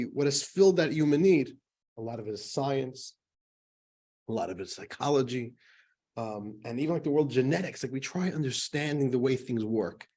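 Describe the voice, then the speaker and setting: Chatty rabbi teaching a class. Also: male voice, mid-range voice, warm tone. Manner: chatty, joking, many fillers. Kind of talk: casual classroom lecture.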